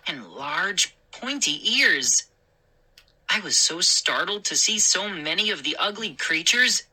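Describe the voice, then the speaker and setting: A woman storyteller reading a scary story aloud, animated and jumping high for the shouted lines. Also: slightly rough, low-quality recording.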